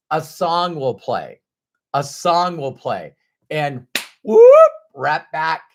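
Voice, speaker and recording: A middle-aged man speaking as a motivational speaker, telling a personal story candidly, with sudden loud animated bursts. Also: fairly high pitch.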